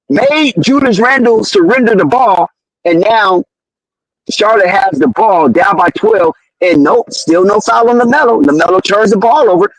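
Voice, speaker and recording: High-pitched excitable man calling a game. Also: dry recording, rough recording. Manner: excitable, outraged at referees, slangy. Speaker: live game commentator. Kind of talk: fan play-by-play commentary.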